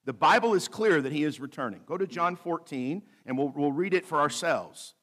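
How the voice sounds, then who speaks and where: A male pastor delivering a sermon, reading scripture slowly and adding light asides with a bit of humor. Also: on the high side, expressive, a bit bright. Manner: preaching with light humor, slows to read scripture aloud.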